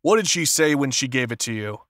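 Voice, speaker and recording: A man's voice: medium pitch, animated, a little fast, fairly bright tone, no echo, studio quality, close to an everyday voice. A man voicing a nervous middle-aged company president who sounds anxious and incredulous.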